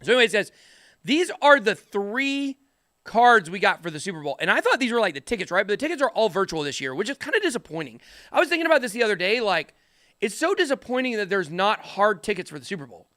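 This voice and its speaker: High-pitched, bright-voiced male host. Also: very fast, no echo, studio quality. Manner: energetic, rambling, jokey. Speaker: crypto channel host. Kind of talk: casual chat to camera.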